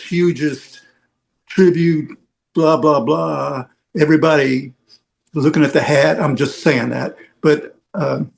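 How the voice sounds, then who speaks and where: A man's voice: on the high side, vocal fry. A man telling a long road story in casual podcast chat, rambling with lots of filler phrases. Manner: rambling anecdotal, heavy "you know" fillers. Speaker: veteran rock roadie guest.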